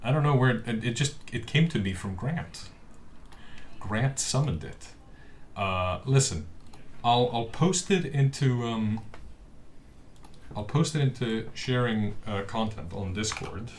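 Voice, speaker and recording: A man's voice: medium pitch, animated, unhurried, long pauses, a little hiss or hum. A man hosting a casual live stream, rambling with many fillers and restarts, picked up by a webcam microphone. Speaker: streamer host.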